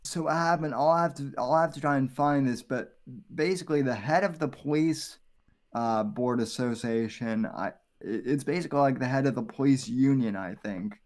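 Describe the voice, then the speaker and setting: A man's voice: medium pitch, normal speed. A man co-hosting a casual podcast, hesitant, full of fillers and restarts. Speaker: podcast co-host. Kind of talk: casual chat.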